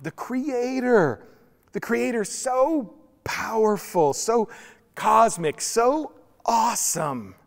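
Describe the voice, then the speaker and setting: A male pastor giving a sermon, telling the story with humor and acting out voices. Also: on the high side. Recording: long reverb in a church hall.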